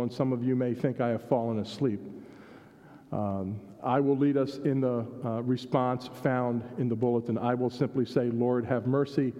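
A pastor reads a story to his congregation in a measured, unhurried way, his voice mid-pitched and mellow. A long reverb from the hall trails after each phrase. The recording sounds dull and muffled. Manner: measured storytelling with small repeats. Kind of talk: reading a story aloud in a worship service.

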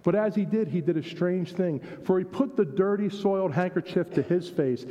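Pastor reading a story in an echoing hall. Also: male voice, sits high, mellow. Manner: measured storytelling with small repeats. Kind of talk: reading a story aloud in a worship service. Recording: dull sound in a reverberant hall.

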